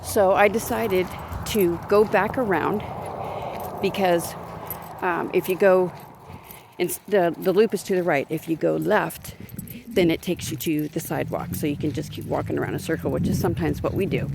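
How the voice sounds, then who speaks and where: A woman's voice: lowish voice, steady tone, moderate pace, vocal fry. A woman vlogger and crisis worker, ranting indignantly to a handheld phone while walking her dog on a neighborhood street, rambling with many restarts. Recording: outdoor street noise.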